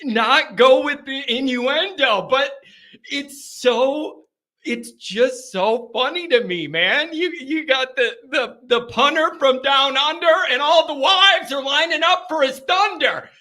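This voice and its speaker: A man's voice: very high-pitched, slow, bright, forceful tone. A man hosting a casual live call-in fan show, rambling and tripping over his words. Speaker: sports fan show host.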